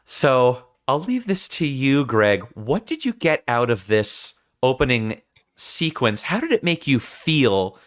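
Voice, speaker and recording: A man hosting a film podcast who retells scenes in an animated way and acts out the quotes. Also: medium pitch, slow pace. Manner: animated storytelling with acted-out quotes. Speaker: podcast host.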